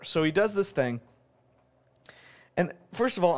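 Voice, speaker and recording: A man co-hosting a podcast who talks in an animated, exasperated way, ranting his opinions in casual chat. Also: high-pitched, a little slow, pauses often. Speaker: podcast co-host.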